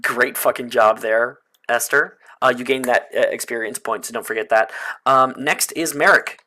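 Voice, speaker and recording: A man runs a tabletop game with an easygoing, halting delivery. His pitch sits in an ordinary middle range. He trails off often, filling gaps with drawn-out sounds. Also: bright, forceful tone. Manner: casual, hesitant with many fillers. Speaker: game master.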